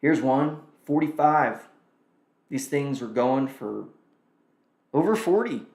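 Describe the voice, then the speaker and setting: A man's voice: medium pitch, slow pace, creaky, a little mellow. Chatty man thinking aloud, roomy echo. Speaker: livestream host. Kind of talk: casual live commentary.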